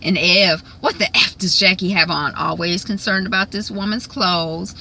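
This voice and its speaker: A woman's voice: fairly low pitch, steady tone, moderate pace, creaky, pushed and bright, rough recording. A woman casually recapping a reality TV episode, chatty with lots of ums and frequent laughs. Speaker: recap vlogger.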